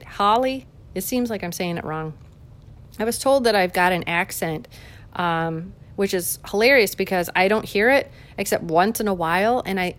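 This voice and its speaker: Fiery woman ranting politics. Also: medium pitch. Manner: fiery, combative and sarcastic. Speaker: political commentator. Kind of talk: heated political commentary monologue.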